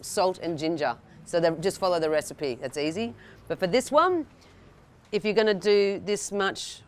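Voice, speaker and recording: Brief: woman instructor, slightly low voice, chatty live teaching, keeps asking "yeah?". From Australia. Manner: chatty, checks in with "yeah?", frequent restarts. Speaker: cooking workshop instructor. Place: indoor workshop room with an audience.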